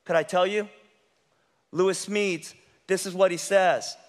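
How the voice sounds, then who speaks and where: A male pastor preaching a sermon with passion, swinging from loud emphasis to hushed intensity. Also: high-pitched, fairly even intonation, a little slow, long reverb tail.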